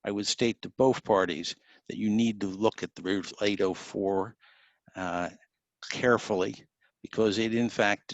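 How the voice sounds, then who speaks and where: A man presiding as judge over a mock trial on a video call, speaking in a deliberate, formal, instructive way. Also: deep voice, dry recording. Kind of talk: courtroom proceedings. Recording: dull dry video-call audio.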